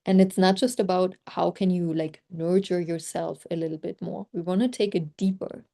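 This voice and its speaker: A woman's voice: fairly low pitch, fairly even intonation, normal speed, creaky, mellow. A woman coaching on a group video call, talking in a chatty, reflective way with many "like" fillers; her first language is German. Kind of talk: casual group call talk.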